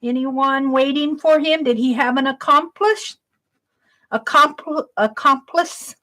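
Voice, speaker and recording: Woman, livestream host, high bright voice, unhurried, reads viewer questions aloud and praises them.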